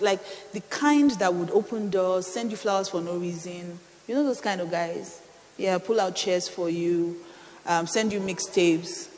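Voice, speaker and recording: A middle-aged woman pastor, preaching a sermon with animated storytelling and playful asides. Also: fairly low pitch, in a large hall. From Nigeria.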